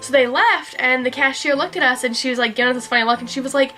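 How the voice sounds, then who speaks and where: A woman's voice: high voice, fast, sharp tone, soft background music. A young woman from Kentucky chatting casually about studying abroad, acting out quotes as she tells stories. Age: young adult. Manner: chatty storyteller, acts out quotes. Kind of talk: casual chat.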